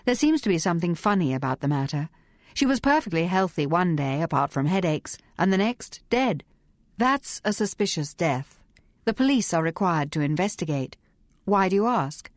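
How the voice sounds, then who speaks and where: A woman's voice: fairly low pitch, sing-song, normal speed, no echo, clean studio sound. A woman playing a cool, poised lady detective.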